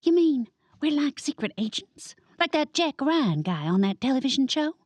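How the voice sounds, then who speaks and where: A woman voicing a naive, excitable young woman in an audiobook, her voice high and eager. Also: moderate pace, no room sound. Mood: excited.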